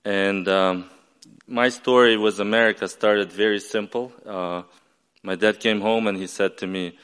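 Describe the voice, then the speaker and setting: A man's voice: on the low side, fairly even intonation, unhurried, fairly bright tone, clear, resonant tone, long reverb tail. A man from West Ukraine with a Ukrainian accent, telling a personal story on stage to an audience and acting out the dialogue.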